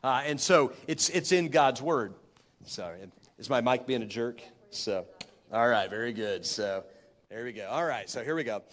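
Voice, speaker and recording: With an animated, medium-pitched, fairly bright voice at a normal speed, a pastor gives a sermon conversationally, pausing to correct himself and putting questions to the room. He uses a handheld mic in a church sanctuary with a long hall reverb.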